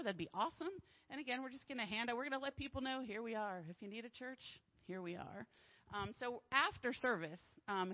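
Female church announcer, bubbly and enthusiastic, a bit high-pitched, dull lo-fi sound. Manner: bubbly, enthusiastic, laughs often. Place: church sanctuary.

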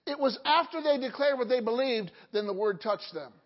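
A woman's voice: a little high, lively intonation, moderate pace. A woman preaching a sermon, quizzing the congregation with questions and dropping joking asides. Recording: dull lo-fi hall recording.

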